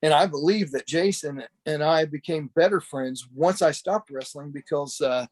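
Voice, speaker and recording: A talkative man with a slightly high voice reminisces about an old friend, wandering through his story with restarts and plenty of "you know." He sounds like an ex-wrestler chatting over a video call camera. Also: moderate pace, darkish tone, slight background noise. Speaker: former pro wrestler, podcast guest. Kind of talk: casual memorial reminiscing.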